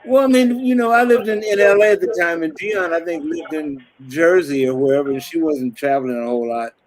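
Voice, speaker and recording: A man's voice: on the high side, fairly quick, low-quality recording. A man hosting a casual interview, joking and playful in his remarks. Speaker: host.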